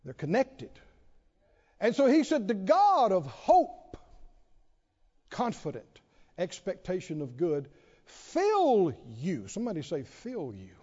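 This pastor's high voice swoops wildly in pitch, warm with a breathy edge, and he speaks a little slowly. Preaching to the congregation in a church sanctuary, he animatedly tells a funny story and calls for responses, in a dull, reverberant recording.

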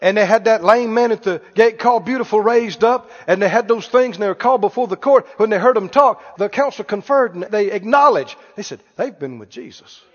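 A man's voice: high-pitched, a little fast, hardly any pauses, big-room sound, lo-fi sound. A man preaching a sermon in a church, emphatic and calling out questions for the congregation to answer.

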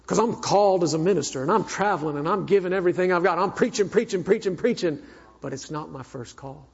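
A man preaching a sermon as a minister, telling a personal story in an earnest way that swings between fervent and hushed. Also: high-pitched, quick pace, vocal fry, slightly rough. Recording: echoey hall, dull sound.

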